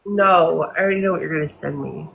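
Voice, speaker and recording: A woman's voice: deep voice, fast, creaky, fairly bright tone. A woman from the United States on a casual live stream, talking bluntly and with sass. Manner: blunt, sassy. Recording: echoey room with faint noise.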